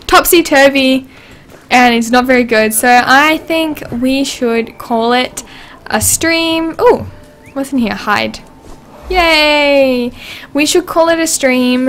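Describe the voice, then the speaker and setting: A woman's voice: a little high, gravelly, a bit bright. A woman hosting a casual gameplay livestream, chatting and giggling as she reads game dialogue aloud. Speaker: livestream host.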